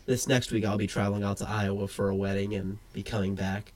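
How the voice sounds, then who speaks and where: A man co-hosting a casual podcast while getting over a head cold, chatty and quick to laugh, drifting into tangents. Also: fairly low pitch, level tone. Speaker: podcast co-host.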